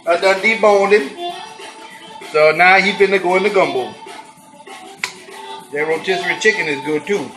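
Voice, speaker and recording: A man's voice: high voice, normal speed, long pauses, music in the background, low-quality recording. Exuberant folksy man cooking. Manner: exuberant, folksy, with whooping exclamations. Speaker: cooking show host. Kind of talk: casual cooking demonstration.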